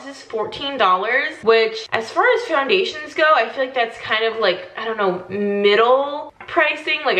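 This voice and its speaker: A woman's voice: on the high side, sharp tone. Chatty young woman in an echoey bathroom. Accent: Southern US. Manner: chatty, many "like" fillers, laughs often. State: morning voice. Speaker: beauty vlogger. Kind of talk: casual chat. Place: bathroom at home.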